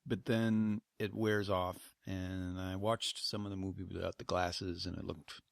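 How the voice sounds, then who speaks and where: A man co-hosting a movie podcast in casual chat, animated and profane. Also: low voice, measured pace, creaky, no echo, clean studio sound. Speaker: podcast co-host.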